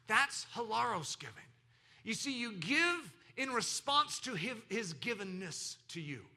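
A man preaching a sermon, swinging between loud exclaiming and hushed lines, with acted laughter and quoted voices. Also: sits high, very animated, a little slow. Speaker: pastor.

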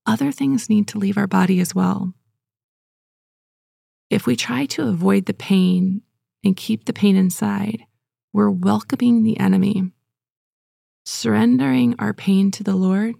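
A woman giving earnest, gentle devotional teaching and leading listeners in prayer, speaking casually with fillers. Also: medium pitch, vocal fry, no echo, studio quality.

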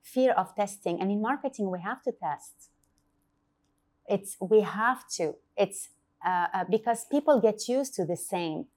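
A woman in a relaxed podcast conversation, her voice sitting in a middle register. She tells stories with plenty of animation, slipping into the voices of the people she quotes, and her talk is full of fillers and restarts. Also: mid-range voice, normal speed. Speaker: marketing agency founder, guest. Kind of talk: casual podcast interview.

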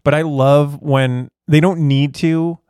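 A man's voice: on the high side, steady tone, slow, darkish tone, clean tone, no echo, studio quality. Enthusiastic man chatting on a podcast. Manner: enthusiastic, trailing off and restarting. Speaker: podcast co-host. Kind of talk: casual chat.

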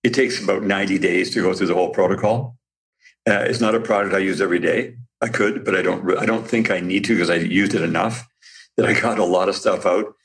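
A man with a very deep, gravelly voice speaks as an interview guest. He tells stories with eager enthusiasm, often restarting mid-sentence and laughing lightly. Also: a bit bright. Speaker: guest, company founder. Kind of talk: casual interview talk.

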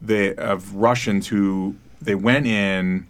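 A man's voice: on the low side, fairly even intonation, takes it slowly. A man in his thirties co-hosting a casual podcast, rambling and laughing as he acts out quoted voices. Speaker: podcast co-host.

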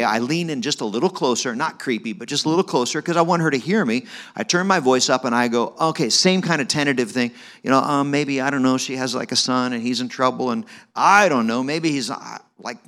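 A man preaching at a church event, telling a personal story in a chatty, animated way with many fillers and asides. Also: medium pitch. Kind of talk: sermon storytelling.

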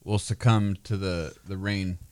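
A man's voice: low voice, flat delivery, a little slow, darkish tone, no room sound. A man co-hosting a car podcast, reviewing vehicles in a playful, rambling, joking way. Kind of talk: casual joking chat.

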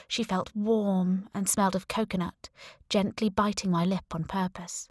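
A woman's voice: medium pitch, animated, unhurried, no echo, studio quality. A woman reading a first-person audiobook in a wry, conversational storytelling manner. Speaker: audiobook narrator.

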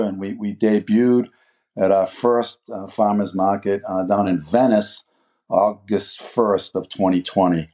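A man in his sixties with a lowish, mellow voice, speaking as an interview guest. He rambles through his story with plenty of uhs and restarts. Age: 60s. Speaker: guest, food business co-owner. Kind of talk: casual interview chat.

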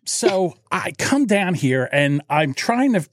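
A man co-hosting a podcast, telling animated stories in casual chat and acting out the people in them. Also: high voice, slow pace, dry recording, clean studio sound. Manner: animated storyteller, acts out voices in anecdotes. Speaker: podcast co-host. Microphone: studio mic through a mixer.

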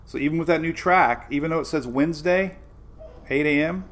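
A man's voice: on the high side, a little fast, fairly bright tone. Chatty man hosting a weather show. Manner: chatty and informal, repeats himself; talks directly to viewers. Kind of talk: casual live weather update.

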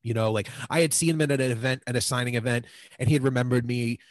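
A man's voice: medium pitch, quick pace, dry recording, rough recording. A man in his twenties telling stories as a podcast guest, rambling with lots of fillers. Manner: rambling, filler-heavy, lots of "like" and "you know". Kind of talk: casual storytelling.

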